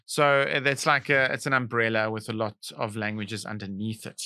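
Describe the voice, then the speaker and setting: A man's voice: fairly low pitch, level tone, normal speed, pushed and bright, clear, resonant tone, no room sound, clean studio sound. A man with a South African accent co-hosting a comedy trivia podcast, playful and rambling with lots of fillers. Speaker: podcast co-host. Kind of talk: casual comedic chat.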